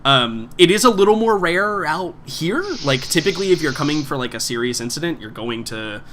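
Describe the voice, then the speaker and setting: A man with a bright, ringing voice narrates as game master, rambling through his scene with plenty of "um"s and "like"s. A faint hum of noise sits under the recording. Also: a little high, expressive, a little fast. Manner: rambling, filler-heavy.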